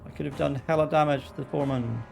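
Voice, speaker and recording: A man giving live gameplay commentary, excitable, swearing and talking to himself as he plays. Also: on the high side, fast, vocal fry, faint music behind. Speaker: gamer streamer.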